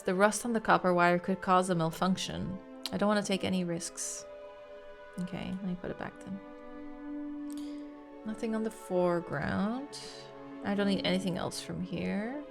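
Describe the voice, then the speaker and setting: A woman's voice: mid-range voice, creaky. A woman giving casual let's-play commentary, chatting and thinking aloud as she plays, swearing when frustrated. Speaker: gaming streamer.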